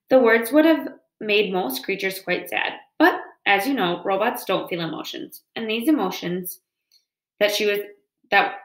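A woman's voice: medium pitch, fairly bright tone. A woman reading a children's novel aloud in a storytelling manner. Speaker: reader. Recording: roomy echo.

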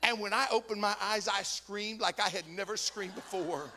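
A man, preaching a sermon as a guest speaker, telling stories with animation and rising to shouts. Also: high voice, moderate pace, in a large hall, slight background noise. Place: church sanctuary.

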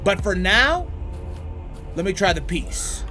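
A man doing let's play commentary on a horror game, crude and animated, breaking into startled shouts. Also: sits high, slow pace. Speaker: gaming YouTuber. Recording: game music playing behind.

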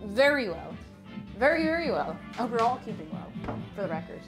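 A woman's voice: on the high side, very animated, brisk, music in the background. A young woman chatting cheerfully on a live stream while baking, greeting viewers and repeating her phrases.

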